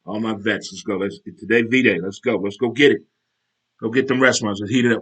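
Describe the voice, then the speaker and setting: A man hosting his own casual talk show, animated and chatty, breaking into military cadence chants. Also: on the low side, brisk, husky. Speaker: show host.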